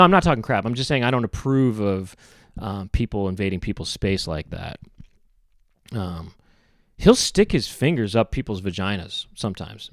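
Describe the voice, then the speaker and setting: Low-voiced man rambling deadpan on a podcast. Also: no echo, studio quality. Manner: meandering, deadpan, full of self-corrections. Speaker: podcast host. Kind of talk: rambling comedic monologue.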